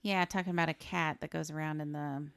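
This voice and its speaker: A woman's voice: deep voice, fairly even intonation, fairly quick, creaky, clear, resonant tone. A woman co-hosting a podcast, chatting about a film with short wry remarks and questions. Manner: dry short interjections and wry asides. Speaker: podcast co-host. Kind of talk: casual movie recap chat.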